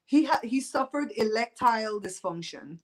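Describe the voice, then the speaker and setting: Expressive and fairly high-pitched, a fifty-something woman from Belize talks at a moderate pace while casually chatting with her livestream viewers at home. She's loose, teasing and quick to give opinions. The recording is rough.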